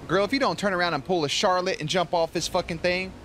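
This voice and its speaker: A man's voice: high voice, fast, slight background noise. A man hosting a reaction video, talking casually and profanely and cheering on the action. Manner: excitable, profane, cheers the screen on.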